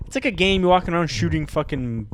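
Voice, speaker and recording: A young man co-hosting a comedy podcast, excitable and stammering, with sudden yelps. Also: a little high, fast, a little hiss or hum. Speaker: podcast co-host. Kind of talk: casual comedic banter.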